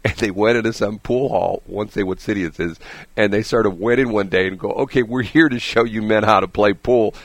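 Male radio host, low voice, rambling chatty storyteller, close dry studio mic. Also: fairly quick, no room sound. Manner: rambling, animated storytelling with chuckles. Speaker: radio morning show host. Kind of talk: casual radio chat.

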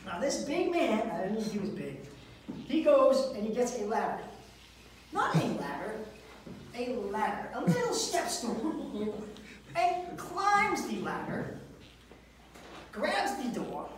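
A man's voice: extremely high pitch, big pitch swings, measured pace, a little hiss or hum. A man doing a stand-up comedy set, telling crude workplace stories and acting out what people said. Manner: storytelling with crude jokes and acted-out quotes. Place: live show venue with audience. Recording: very echoey room from far off.

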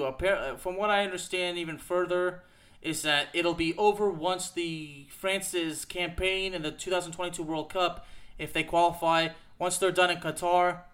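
Host, male, high-pitched, emphatic repetitive ranter, casual show delivery. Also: sharp tone. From United States. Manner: emphatic, repetitive, fired-up ranting with frequent "okay?". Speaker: podcast host. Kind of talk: ranting soccer commentary.

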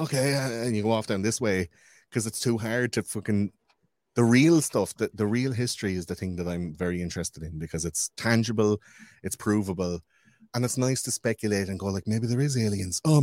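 Man, lowish voice, profane, rambling, animated podcast chat, dry close sound. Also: dry recording.

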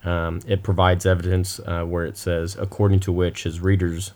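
A man's voice: low voice, completely flat delivery, normal speed, a little mellow. A man co-hosting a podcast, chatting casually with joking, teasing banter. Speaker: co-host.

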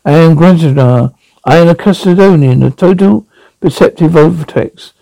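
A man voicing a deep, quiet, unseen male presence in an audiobook, speaking in a soothing murmur. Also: moderate pace, creaky, no echo, rough recording. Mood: calm.

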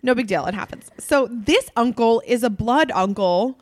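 A woman's voice: on the high side, animated, moderate pace, dry recording, clean studio sound. A woman comedian in casual podcast chat, telling meandering stories that trail off and restart. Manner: rambling storyteller, trails off and restarts.

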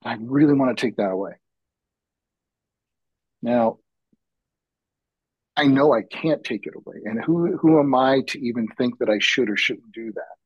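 A man's voice: medium pitch, husky, no echo, highs cut off. A man guesting on a podcast and telling heartfelt, reflective stories from his work as a men's retreat facilitator. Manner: reflective, heartfelt, slow-building. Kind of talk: earnest personal storytelling.

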